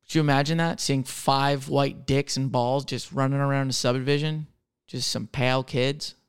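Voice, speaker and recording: A server in his thirties hosts a solo podcast, chatting casually while answering question cards. Sarcastic and crude, he mocks himself through his stories in a mid-range, smooth voice with flat delivery at normal speed.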